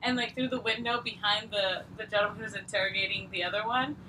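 A woman co-hosting a podcast, pitching comedy ideas in casual chat, laughing hard and reacting quickly. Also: steady tone, noisy background. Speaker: podcast co-host.

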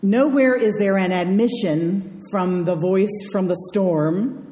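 A woman's voice: mid-range voice, takes it slowly, dark tone. A woman minister giving a conversational sermon with wry, dryly humorous asides, in a large sanctuary. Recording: echoey hall sound.

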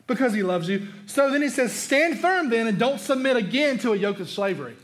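High-voiced man preaching emphatically. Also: big pitch swings, a little fast. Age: adult, father of a young son. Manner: emphatic, conversational preaching with rhetorical questions. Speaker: pastor. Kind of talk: sermon.

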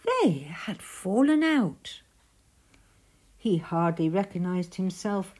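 A woman reading a rhyming picture book aloud. Her voice is breathy and very slow, rising and falling in lively swoops and sinking to a hushed near-whisper. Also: medium pitch. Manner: gentle, often dropping to a hushed near-whisper. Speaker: storyteller.

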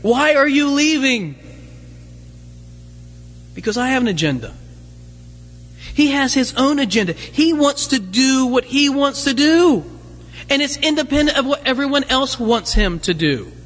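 A pastor preaches a conversational sermon packed with rhetorical questions and light humorous asides. His voice is extremely high-pitched, animated and fairly bright, at normal speed. The recording has a long hall reverb.

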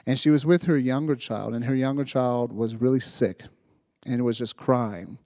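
Male youth preacher, mid pitch, dry close sound, animated storytelling sermon. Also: moderate pace, no echo. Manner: animated retelling, acting out voices, frequent "right?".

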